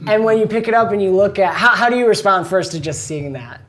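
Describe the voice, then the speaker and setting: A woman narrating as game master of a tabletop game, lively and quick to laugh. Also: mid-range voice.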